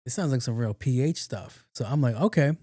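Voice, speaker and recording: A middle-aged man, hosting a podcast and telling casual stories, profane and animated, laughing often. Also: mid-range voice, fairly quick, dry recording. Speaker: podcast host. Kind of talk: casual storytelling monologue.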